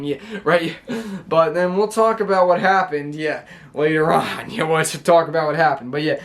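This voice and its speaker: A man with a high voice recaps a wrestling show casually at a moderate pace for his vlog, filming himself at home. He rambles, restarting often and using many fillers.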